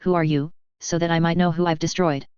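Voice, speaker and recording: A woman voicing a cultured, scheming teenage male wizard ghost who is smooth and coldly threatening. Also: fairly low pitch, level tone, a little fast, a little mellow, dry recording, lightly acted. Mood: cold menace. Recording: dull lo-fi recording.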